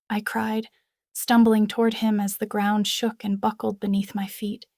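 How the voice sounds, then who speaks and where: A woman reading a first-person fantasy novel aloud in a dramatic, expressive way. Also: medium pitch, moderate pace, no room sound, studio quality. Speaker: audiobook narrator.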